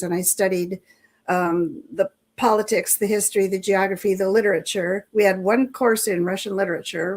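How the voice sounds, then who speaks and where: An older woman, a guest author in a casual interview, telling anecdotes with frequent chuckles and restarts. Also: medium pitch.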